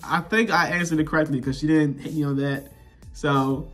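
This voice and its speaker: A young man with a slightly high voice chats straight to his viewers, relaxed and slangy, circling back over the same points as he tells his story. Faint music plays underneath. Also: normal speed. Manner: relaxed slangy talk, repeats himself, addresses viewers directly. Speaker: vlogger. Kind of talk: casual storytelling to camera.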